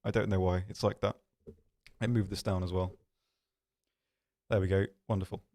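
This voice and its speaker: A man hosting a game livestream from an office, answering viewer questions in a rambling, self-deprecating way with many pauses and restarts. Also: deep voice, flat delivery, mellow, slight background noise. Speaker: stream host. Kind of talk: casual livestream chat reading viewer questions.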